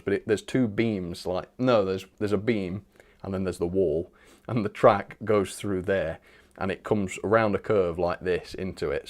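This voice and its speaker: A man hosts a live stream in a loose, rambling way, reading out viewer comments and chuckling as he goes. His voice sits a little on the low side. The talk is relaxed and off the cuff. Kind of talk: casual live stream chat.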